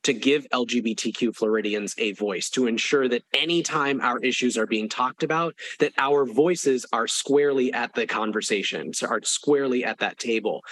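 A man's voice: on the low side, fairly bright tone, no echo, poor audio. A man speaking as a press secretary in an interview, making an impassioned, emphatic case with rallying repetition. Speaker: press secretary for an advocacy group. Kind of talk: interview answer, advocacy talk.

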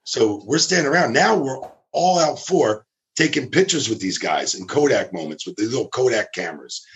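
A man's voice: mid-range voice, lively intonation, moderate pace. A man casually telling a long story, acting out quotes of the people in it, swearing and laughing as he goes. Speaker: storyteller guest.

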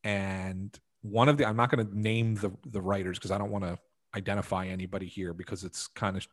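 A man's voice: sits low, fairly even intonation, fairly quick. A man on a podcast telling a rambling anecdote from his time as a hockey beat writer, full of fillers and restarts. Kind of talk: casual podcast storytelling.

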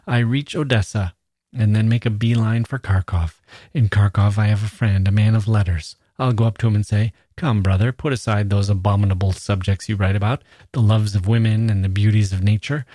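A man's voice: on the low side, dark tone, dry recording, clean studio sound, close to an everyday voice. A man playing a sardonic, sickly ranting intellectual. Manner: ironic, declaiming. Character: sickly, sarcastic educated man, ranting and bitter.

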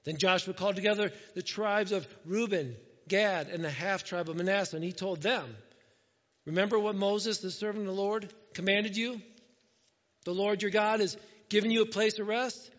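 High-voiced pastor in an echoing hall. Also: male voice, steady tone, moderate pace. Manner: conversational, asks "right?" often, acts out quotes. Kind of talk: sermon with scripture reading. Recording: dull lo-fi sound with long hall reverb.

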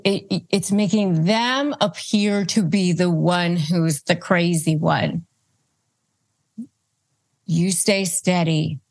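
A woman host delivers advice at a very unhurried, measured pace, with a voice sitting a little low. She walks through numbered steps with firm emphasis and acts out calm, knowing replies. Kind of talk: instructional advice talk.

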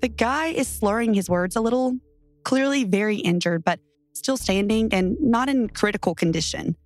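A woman's voice: fairly high pitch, moderate pace, no room sound, faint music behind. A woman reading a first-person true horror story aloud with tense, dramatic delivery. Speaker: story narrator.

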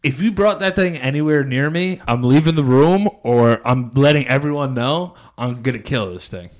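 A man's voice: mid-range voice, expressive, normal speed. A man co-hosting a podcast in casual chat, telling stories playfully and laughing often. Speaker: podcast co-host.

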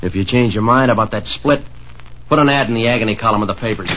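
An actor playing a menacing male hoodlum in a 1940s radio drama, blunt, clipped and low. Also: fast, noisy background, natural voice. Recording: tinny 1940s radio broadcast.

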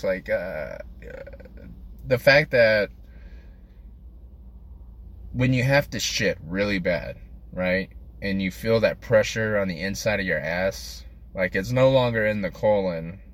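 A man's voice: fairly low pitch, lively intonation, slow. A man delivering a crude, self-deprecating comedic monologue as a podcast host, rambling from one thought to the next.

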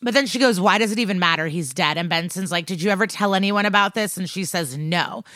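A woman's voice: lowish voice, a bit bright, no room sound, clean studio sound. Casual woman recapping a TV episode. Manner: brisk retelling, acts out quotes in passing. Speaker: podcast co-host recapping a TV episode.

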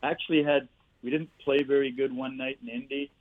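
A man in his sixties, a former player and coach, telling animated stories with laughs and "eh" tags as a podcast guest. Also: mid-range voice, fairly quick. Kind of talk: storytelling interview. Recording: tinny phone-like line.

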